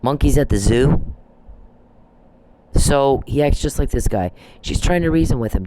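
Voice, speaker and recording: A man's voice: medium pitch, animated, unhurried, pauses often, mellow. Man ranting emphatically in a monologue. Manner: emphatic, repetitive, accusatory ranting. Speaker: podcast host. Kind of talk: solo podcast monologue.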